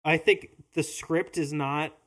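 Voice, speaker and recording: A podcast co-host in casual chat reviewing a movie at home, opinionated and quick with asides. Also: mid-range voice, steady tone, fairly bright tone.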